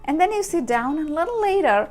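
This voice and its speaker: A woman's voice: sits high, animated, quick pace, faint music behind. A young woman vlogger from India telling a story straight to the viewer, acting out little quoted voices as she goes. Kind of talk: storytelling to camera.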